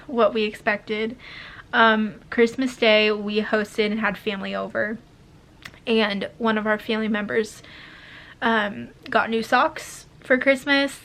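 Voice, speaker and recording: Rambling young mom vlogger, emotional. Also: female voice, medium pitch, fairly bright tone. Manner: rambling, lots of "like" and restarts; emotional, close to tears at times. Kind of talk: candid life update to camera.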